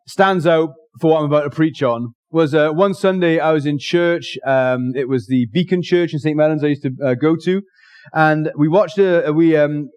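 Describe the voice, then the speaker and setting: A male preacher with a slightly high voice, talking fast and with real excitement. He is jokey and casual, often rushing and restarting his sentences as he preaches to a church. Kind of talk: sermon.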